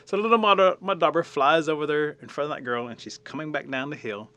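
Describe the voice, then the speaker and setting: A middle-aged man telling a traditional folk tale in a folksy, colloquial, lively way. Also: on the high side, quick pace. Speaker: storyteller.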